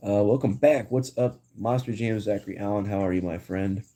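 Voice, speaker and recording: Young male streamer, casual chat, low mellow voice, rambling and slangy. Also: steady tone, brisk. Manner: rambling, slangy, full of "like" and "dude". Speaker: live-stream host.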